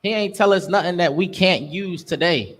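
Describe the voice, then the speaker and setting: A man's voice: sits high, moderate pace. A young man teaching a scripture class, preaching emphatically in street slang. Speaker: class instructor.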